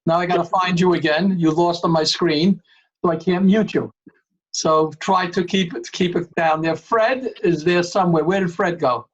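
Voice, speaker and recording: A man's voice: high voice, fairly even intonation, moderate pace, lo-fi sound. A man chairing an online board meeting over a video call, emphatic and calling on members by name.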